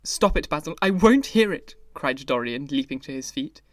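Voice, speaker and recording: A man's voice: expressive, normal speed, no echo, recorded from a distance. A man voicing a languid young aesthete. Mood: agitated. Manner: languid, rising to shrill protest.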